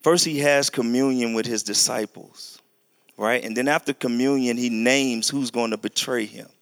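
Here a man serving as pastor preaches, moving from a deliberate, slow reading of scripture into sudden animated bursts of high, loud speech.

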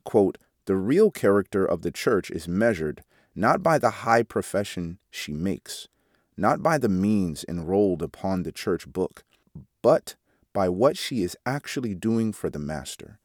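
A man reading a devotional article aloud in a measured way, announcing each quotation out loud. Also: lowish voice, no room sound, studio quality. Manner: measured, reads quote marks aloud. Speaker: devotional reader.

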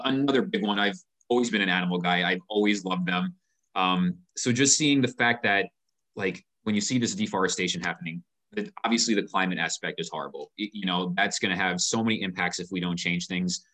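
A passionate man in a relaxed sit-down interview. His voice sits low but rings bright and forward. He talks earnestly and often doubles the first word of a thought. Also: brisk. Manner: earnest, passionate, repeats words when starting sentences. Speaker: company founder, guest. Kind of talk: casual interview conversation.

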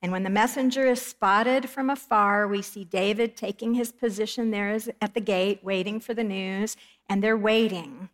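A middle-aged woman giving a Bible study lesson in an earnest, measured way, reading scripture aloud and explaining it. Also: mid-range voice, fairly even intonation. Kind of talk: Bible teaching lecture.

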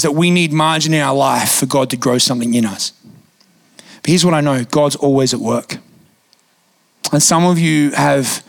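Young guy pastor preaching, bit of a high gravelly voice, chatty storytelling. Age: young adult. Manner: animated storytelling preacher, conversational with fillers. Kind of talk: sermon. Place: church auditorium.

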